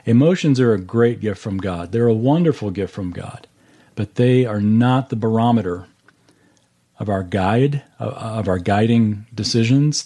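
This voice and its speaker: A man's voice: on the low side, measured pace, dark tone, husky. A man teaching a Bible class over a video call, earnestly walking through verses and explaining them step by step.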